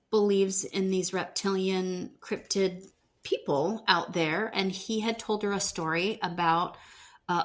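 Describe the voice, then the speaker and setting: Chatty woman podcast co-host, lower voice. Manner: chatty, lots of fillers like "um" and "you know". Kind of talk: casual chat recapping a TV show.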